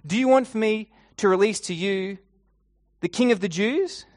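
A man doing a shouting Roman governor, exasperated, pleading, raised pitch, dry sound. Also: normal speed, dry recording, close to an everyday voice. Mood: questioning.

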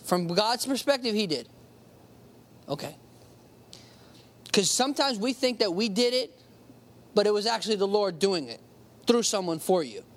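A preacher reading scripture aloud and explaining it in a casual, conversational way, slowing down to stress key words. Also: medium pitch, animated. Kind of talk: sermon with Bible reading.

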